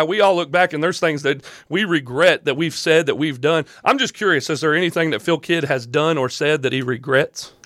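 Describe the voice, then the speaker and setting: Middle-aged male host, storytelling and probing, a touch high, close and dry. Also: fairly bright tone, dry recording. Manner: storytelling, pressing with questions. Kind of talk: confrontational interview.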